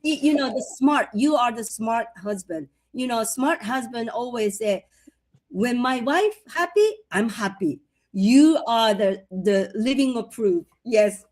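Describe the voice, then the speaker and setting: A woman's voice: on the high side, lively intonation, measured pace. A woman co-hosting a casual podcast chat, talking loosely with lots of fillers and agreeing readily. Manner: chatty, many fillers, warm agreement. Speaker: co-host.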